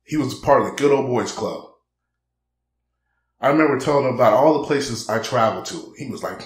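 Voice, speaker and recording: A young man delivering a blunt, preachy monologue, mid-pitched and conversational. He keeps throwing in "man" and slips into quoted back-and-forth dialogue. The sound bounces around an echoey room. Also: quick pace. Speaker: vlogger. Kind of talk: casual monologue to camera.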